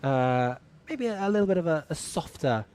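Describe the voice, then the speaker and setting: A man's voice: fairly high pitch, sing-song, moderate pace, darkish tone. A man giving live motorsport commentary in a polite, wry manner as he wraps up his shift. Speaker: race commentator. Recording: faint ambient noise.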